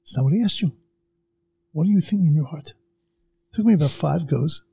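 A middle-aged man with a heavily gravelly, husky voice tells a story in casual podcast chat. His tone is dark and mellow, yet fairly high for a man. He acts out the people in his story, jumping sharply up in pitch. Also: lively intonation, brisk. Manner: acts out quoted people with big jumps in pitch.

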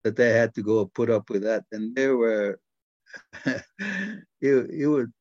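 Older man, blunt, rambling, mid-pitched, dry close sound, slightly dull recording. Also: steady tone, measured pace, a little mellow, no room sound. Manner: blunt, rambling with many restarts. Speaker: interviewee. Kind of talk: casual talk.

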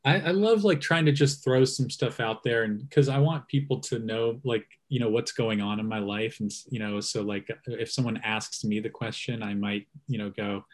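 A man's voice: fairly low pitch, normal speed, few pauses. A man hosting a casual conversation, rambling with frequent fillers and restarts.

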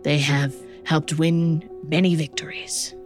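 A woman voicing a short male kobold leader who speaks calmly, guardedly and evasively. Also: sits low, takes it slowly, faint music behind.

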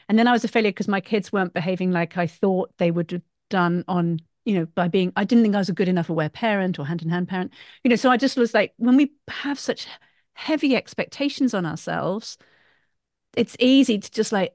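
A woman's voice: medium pitch, a little fast, a little mellow, no room sound, studio quality. A woman hosting a podcast interview as a parenting coach, asking reflective questions.

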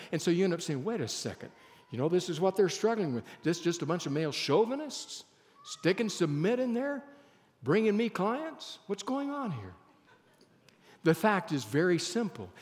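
A man preaching a sermon as a pastor, emphatic, slowing down and dropping his voice for effect. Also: fairly high pitch, long reverb tail. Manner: emphatic, varies pace and loudness for effect.

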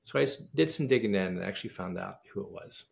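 Man with a gravelly voice telling a lively story. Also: low voice, fast. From United States. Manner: animated storyteller acting out quoted dialogue. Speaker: pianist and composer, guest. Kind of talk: casual interview storytelling.

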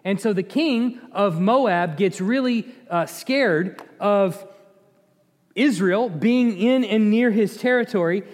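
Bright-voiced man teaching Scripture. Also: high voice, slow. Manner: conversational, quizzes the audience, chuckles. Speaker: Bible teacher. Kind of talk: informal Bible teaching. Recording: echoey hall reverb.

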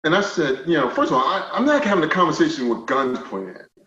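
Animated man telling a story. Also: fast talker, over a noisy crowd. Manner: animated, swings from low and quiet to loud indignant retellings. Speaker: guest. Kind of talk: storytelling in a podcast interview. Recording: roomy, slightly dull podcast audio.

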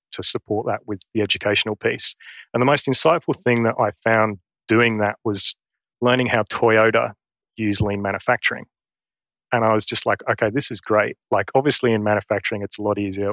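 A man's voice: on the low side, a bit bright, no echo, dull audio. A man in his forties from England, his Essex English accent turned Australian, telling his career story as a guest with earnest, restarting speech. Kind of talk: conversational interview.

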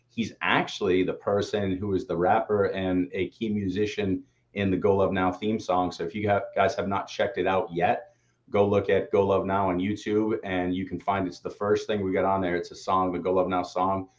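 A relaxed, laid-back man co-hosting a casual talk show. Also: low-pitched, lo-fi sound. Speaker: co-host. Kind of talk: casual chat.

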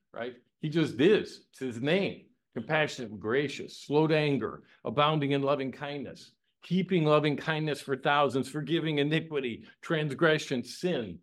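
A man teaching a Bible lesson. He quotes scripture and asks and answers his own questions. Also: on the high side. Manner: asks questions and answers them, repeats key phrases, quotes scripture, laughs softly.

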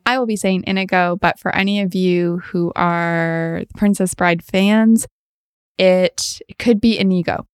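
A woman's voice: fairly low pitch, steady tone, slow, clean tone, no room sound, clean studio sound. A woman hosting a podcast, telling heartfelt stories about her farm animals in a tender, emotional way. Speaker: podcast host.

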